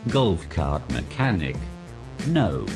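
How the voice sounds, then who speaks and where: A man voicing a booming, deep-voiced male show announcer for a comedy podcast jingle, drawn out and loud. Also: very animated, slow pace, over music, full character voice. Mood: grandiose.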